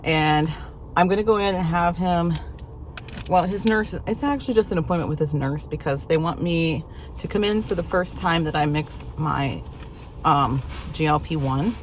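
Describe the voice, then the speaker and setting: A woman's voice: sits low, moderate pace, a little hiss or hum. A middle-aged woman chatting casually in a vlog, telling stories with frequent laughter. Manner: chatty, laughs often, self-deprecating storytelling. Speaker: vlogger.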